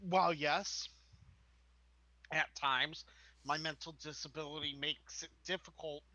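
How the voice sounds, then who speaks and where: Earnest, bright-voiced male co-host. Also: a little high, steady tone, no room sound, poor audio. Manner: earnest, emphatic, speaks in measured statements. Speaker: co-host of a live-streamed talk show. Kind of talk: casual chat.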